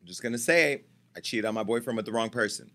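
A man's voice: mid-range voice, fast talker, bright, forceful tone. A man hosting a celebrity gossip show, talking in a brash, profane, teasing way as he chats casually and jokes with staff off camera.

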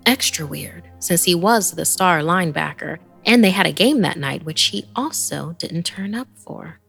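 A woman narrating a first-person horror story in a measured, hushed storytelling manner, sometimes sinking almost to a whisper. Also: expressive, faint music behind. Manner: slow, low and gravelly, dropping to hushed whispers.

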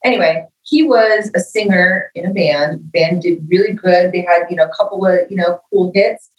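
Recorded from afar in a reverberant space, the muffled clip captures a middle-aged woman with a lowish voice talking at a moderate pace. She's a musician guesting on a casual interview, telling stories animatedly and acting out what others said.

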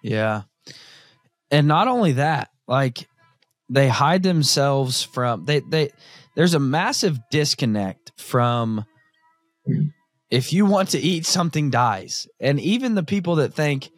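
A man's voice: fairly high pitch, expressive, takes it slowly, no echo, faint music behind. A man hosting a podcast, talking casually in a blunt, opinionated way. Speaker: podcast host. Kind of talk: casual conversation.

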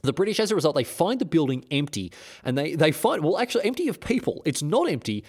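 A man's voice: a little high, very animated, fast talker, a little mellow. A man hosting a history podcast, telling the story in a jokey, sarcastic way with many restarts.

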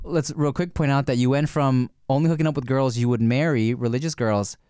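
A man's voice: mid-range voice, fairly even intonation, brisk, darkish tone, clear, resonant tone, dry recording, studio quality. A man from Thailand co-hosting a casual podcast, mostly reacting with short, wry interjections. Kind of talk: casual chat.

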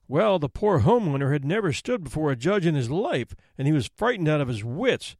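A man narrating a classic folk tale in an expressive, theatrical reading style. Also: a little high, normal speed, hardly any pauses, no echo. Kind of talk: storybook narration.

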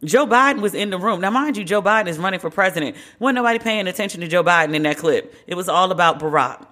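A podcast host giving casual, wry solo commentary, chatty and animated in retelling. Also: mid-range voice, quick pace.

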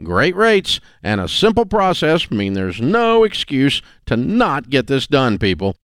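A man's voice: mid-range voice, huge pitch swings, a little slow, a bit bright, slight background noise. A man reading a sponsor advertisement in a folksy, persuasive way. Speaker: ad reader. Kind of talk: read sponsor ad.

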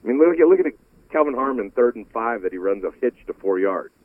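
A man's voice: medium pitch, fast, no room sound. A man breaking down football game film on sports radio, restarting his sentences as he talks. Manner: animated, repeats words when restarting. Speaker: football analyst. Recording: tinny phone-like line.

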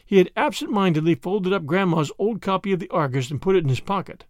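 Lively high-voiced male storyteller. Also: quick pace, no echo, clean studio sound. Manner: expressive, animated reading. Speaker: narrator. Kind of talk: storybook narration.

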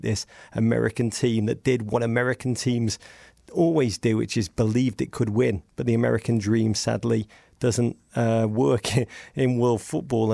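A middle-aged man with an English accent, a podcast guest talking in vivid, storytelling bursts that rise in pitch for emphasis. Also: creaky, warm tone, no echo, clean studio sound. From England. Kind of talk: animated casual chat.

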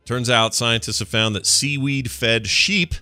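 Bright-voiced man, casual podcast host. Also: mid-range voice, slow pace, dry recording, faint music behind. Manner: chatty, reads out news items. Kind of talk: casual chat.

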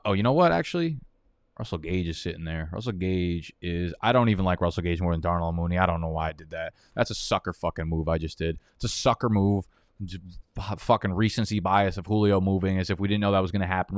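A man's voice: sits low, no room sound, clean studio sound. A young man streaming live, rambling through fantasy football draft picks in profane, heated rants. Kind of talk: casual live-stream commentary while drafting.

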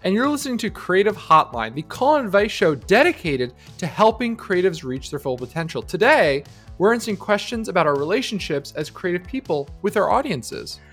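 A man's voice: high voice, sing-song, fairly quick, few pauses, fairly bright tone, slightly rough, soft background music. A man co-hosting an advice podcast, arguing his opinions emphatically in casual conversation. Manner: opinionated, emphatic, shifts pace often. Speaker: podcast co-host.

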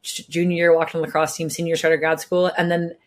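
A woman's voice: sits low, little pitch movement, fast talker. A young woman from California, a guest telling her story in a casual chat, bubbly and full of filler words. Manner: bubbly, lots of filler words, acts out quotes. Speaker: guest, professional soccer player.

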